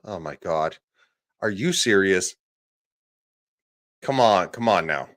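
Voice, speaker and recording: A man's voice: deep voice, expressive, slow, long pauses, a bit bright. A man giving casual live commentary on a podcast clip, profane and sarcastic, with laughing asides. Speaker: streamer reacting to a podcast clip.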